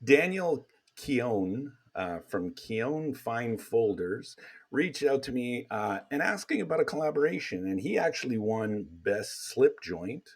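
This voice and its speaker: Husky-voiced man hosting a podcast. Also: mid-range voice, measured pace. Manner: relaxed, rambling with many fillers. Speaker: podcast host. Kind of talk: casual chat.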